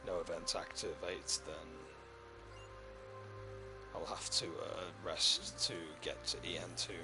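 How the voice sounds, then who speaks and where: A man with a deep voice talks through his gameplay in a low-key, musing way. Game music plays steadily under his voice. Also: slow, creaky. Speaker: gameplay commentator. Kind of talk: casual gameplay commentary.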